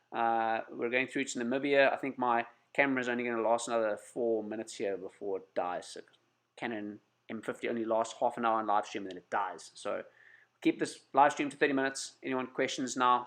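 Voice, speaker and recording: Male livestream host, mid-range and gravelly, has a cold; loose, chatty and apologetic with viewers. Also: medium pitch, a bit bright. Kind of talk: casual livestream chat with viewers.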